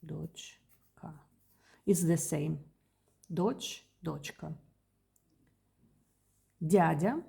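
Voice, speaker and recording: A woman with a Russian accent teaching a beginner language lesson, repeating each word slowly and carefully. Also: lowish voice, lively intonation, creaky, mellow, breathy edge.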